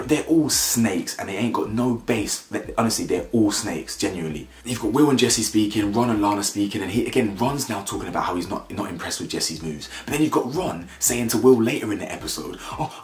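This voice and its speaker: A man ranting about a reality show, blunt and mocking, mimicking the people he talks about. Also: echoey room. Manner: blunt, mocking, mimics cast members in high voices. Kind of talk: animated opinion rant.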